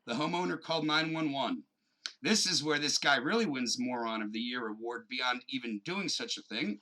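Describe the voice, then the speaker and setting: A man co-hosting a podcast, animated and joking, swearing freely and dropping jokey asides. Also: on the high side, poor audio. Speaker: podcast co-host. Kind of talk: casual chat and mock news reading.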